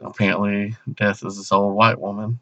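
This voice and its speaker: A man's voice: fairly low pitch, flat delivery, normal speed, fairly bright tone, no room sound, lo-fi sound. A man co-hosting a casual comedy podcast, rambling with lots of fillers and laughing often. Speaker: podcast co-host.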